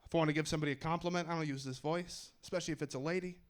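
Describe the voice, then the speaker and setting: A man's voice: fairly high pitch, steady tone, very fast. Young man in a put-on English accent. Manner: wry, self-mocking. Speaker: stand-up comedian. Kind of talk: stand-up set. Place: comedy club stage.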